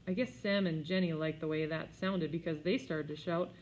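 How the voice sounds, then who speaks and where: A woman narrating a children's storybook in an expressive, wry manner, on a slightly dull recording. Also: deep voice, normal speed, few pauses. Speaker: audiobook reader.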